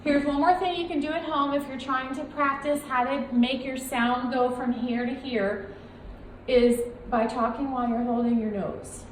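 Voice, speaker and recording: A young woman leading a girls' choir through warm-ups, explaining and coaching in an upbeat way. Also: sits high, fairly even intonation, moderate pace, slight background noise. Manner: upbeat, coaching, demonstrates by singing. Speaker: choir director. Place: large echoey room with a choir. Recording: roomy echo with choir in the background.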